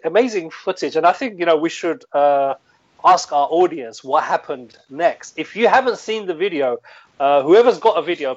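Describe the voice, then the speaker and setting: Man, slightly high voice, hesitant and rambling, casual live-stream chat, muffled audio. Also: no room sound. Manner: rambling, hesitant, many fillers. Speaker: co-host.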